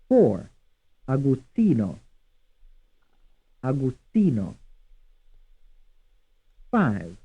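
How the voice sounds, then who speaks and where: A man reads out a language drill at a deliberate, unhurried pace, repeating each item twice. His husky voice moves with a lively rise and fall. The recording is thin and phone-like, like old course audio. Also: mid-range voice. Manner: reads words twice, evenly paced. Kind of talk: slow, deliberate drill reading.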